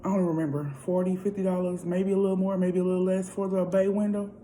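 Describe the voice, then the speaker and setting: A woman's voice: lowish voice, flat delivery, fast, warm tone, slight background noise, poor audio. A woman vlogger telling a story in a casual, chatty way, often calling out to her viewers directly. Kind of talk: casual storytime while eating.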